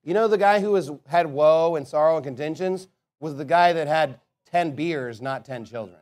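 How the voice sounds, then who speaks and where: A man preaching a sermon as a pastor, emphatic, swinging between loud declarations and quiet asides. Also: a little high, moderate pace.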